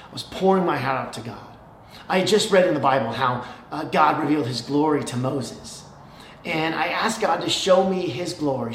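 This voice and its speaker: Animated man preaching in an echoey room. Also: fairly high pitch, a little hiss or hum. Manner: animated, repeats "okay?" as a check-in, emphatic repetition. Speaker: pastor. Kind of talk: sermon. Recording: echoey room with faint ambience.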